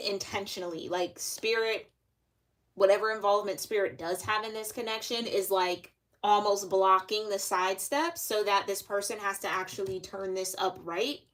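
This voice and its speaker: A woman's voice: medium pitch, a bit bright. Young woman, tarot reader, casual monologue, chatty, filler-heavy, conversational.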